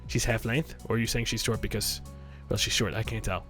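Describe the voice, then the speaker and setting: A man's voice: on the low side, fairly even intonation, brisk, fairly bright tone, faint music behind. A young man hosting a gaming video, reading a visual novel aloud with rambling, profane, joking asides. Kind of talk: let's play commentary reading a visual novel.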